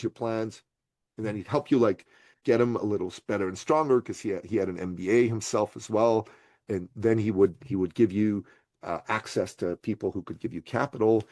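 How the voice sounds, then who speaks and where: Man, middle-aged, from Iran, animated storyteller, acts out others' voices, laughs a lot, dry close sound. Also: fairly low pitch, no echo. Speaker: podcast guest, entrepreneur.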